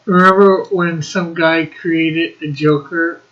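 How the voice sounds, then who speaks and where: A man's voice: fairly high pitch, steady tone, slow, lo-fi sound, background noise. A man hosting a casual livestream chat, reading the chat aloud and laughing often. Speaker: livestream host.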